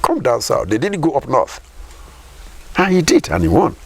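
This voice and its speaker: Emphatic Nigerian man, gravelly voice. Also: medium pitch, wildly swooping pitch, moderate pace. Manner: emphatic, rhetorical questions, repeats key lines. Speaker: political commentator guest. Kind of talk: political interview.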